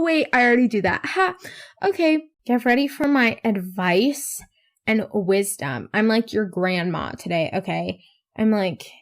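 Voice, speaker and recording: A teenage girl hosting her own podcast, talking in a rambling, self-mocking way and swearing casually. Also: mid-range voice. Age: teens. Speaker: podcast host. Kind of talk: casual solo podcast chat.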